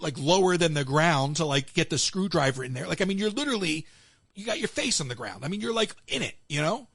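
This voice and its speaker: A man's voice: fairly high pitch, breathy edge, no echo. An American man hosting a call-in show, telling stories in casual chat and acting out what others said. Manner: animated storyteller acting out quotes.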